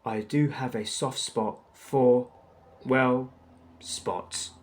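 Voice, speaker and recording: A man's voice: medium pitch, fairly even intonation, extremely slow. A man voicing a haughty, imperious middle-aged villainess who barks and scolds, in a storybook reading.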